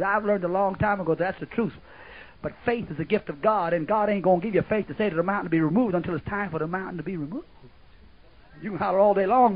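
A man's voice: high-pitched, quick pace, long pauses. Fervent preacher man, old muffled tape. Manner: fervent preaching, swings from shouts to hushed asides, laughs often. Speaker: pastor. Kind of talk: sermon.

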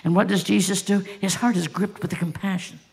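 A woman's voice: mid-range voice, steady tone, fairly quick, creaky, a little mellow. A woman pastor preaching a sermon, telling stories with passion and asking the congregation rhetorical questions.

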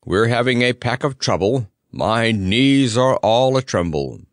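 A man's voice: medium pitch, expressive, a little slow, no room sound, clean studio sound. A man voicing an anxious male camel who wails and sobs in a storybook reading. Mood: wailing. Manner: wailing, sobbing.

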